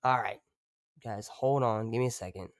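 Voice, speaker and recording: A man's voice: on the low side, normal speed, dry recording, studio quality. A man streaming live, chatting casually and rambling, swearing freely and breaking off to talk to his dog.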